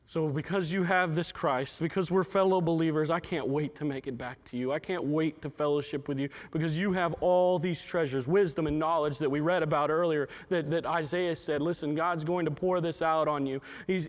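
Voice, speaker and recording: A man with a notably high voice preaching to his congregation. He speaks with open feeling and often trips over his words, repeating them before pushing on. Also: steady tone, moderate pace, few pauses. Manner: repeats words and restarts often, emotional and heartfelt. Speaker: pastor. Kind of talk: sermon.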